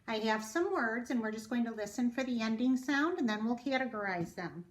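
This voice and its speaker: A woman teaching a phonics lesson, sounding out words slowly and carefully for young readers. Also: a little high, lively intonation, roomy sound. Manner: slow, careful, drawn-out word sounding. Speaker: reading teacher.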